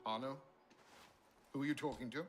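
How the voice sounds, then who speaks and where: A man's voice: medium pitch, fairly even intonation, normal speed, music in the background, lightly acted. An actor playing a formal, stern guardian in a game who scolds his young ward. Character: stern male guardian, firm and proper.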